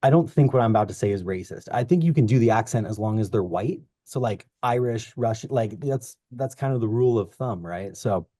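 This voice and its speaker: A man's voice: fairly low pitch, animated, a little fast, hardly any pauses, mellow, dry recording, clean studio sound. A young man co-hosting a podcast, rambling and long-winded in casual chat about the market. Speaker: podcast co-host.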